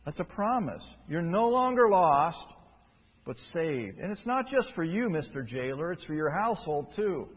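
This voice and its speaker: A man delivers a sermon with emphatic swings between hushed passages and loud, driving peaks. His voice sits a bit high and slightly breathy. The dull, lo-fi recording carries the long reverb of a large church hall. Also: sing-song, moderate pace. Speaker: preacher.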